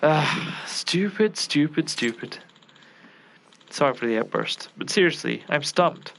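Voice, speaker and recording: A man's voice: medium pitch, animated, normal speed, vocal fry, a bit bright. A man voicing a flustered young male cook who frets and scolds himself.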